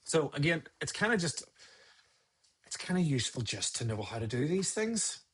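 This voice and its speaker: Man, husky, muttering, live editing tutorial. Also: a little high, very animated, moderate pace, a bit bright. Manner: muttering, self-scolding, chatty asides. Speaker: photographer teaching photo editing. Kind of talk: live-stream editing tutorial, talking to himself.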